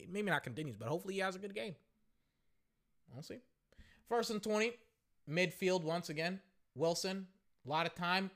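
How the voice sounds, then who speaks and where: A young man hosts a casual podcast and calls the game play by play, his voice high and bright. He reacts with slangy excitement at the big plays. His voice is wearing hoarse. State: voice going hoarse. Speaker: podcast host.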